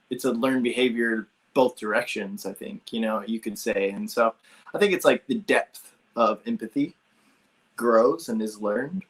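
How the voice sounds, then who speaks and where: A man's voice: fairly low pitch, breathy edge. A man hosting a podcast, talking in a thoughtful, hedging way with many restarts. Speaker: podcast host. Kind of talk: casual chat.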